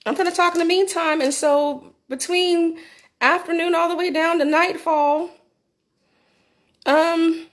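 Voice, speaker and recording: A middle-aged woman telling a candid personal story into her phone for a vlog, animated and swearing freely. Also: very high-pitched, measured pace, pauses often. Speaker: vlogger.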